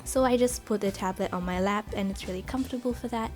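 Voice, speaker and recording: Woman vlogger, mid-pitched, rambling casual unboxing narration, cheap home mic. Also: fast talker, darkish tone, soft background music. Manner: chatty, rambling, lots of "like" and "uh". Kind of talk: casual voice-over for an unboxing video. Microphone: not very good home microphone.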